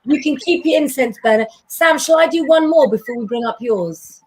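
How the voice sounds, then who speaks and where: Woman hosting a live chat show, bit high voice, teasing and laughy. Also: lively intonation, normal speed, slight background noise, rough recording. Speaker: host.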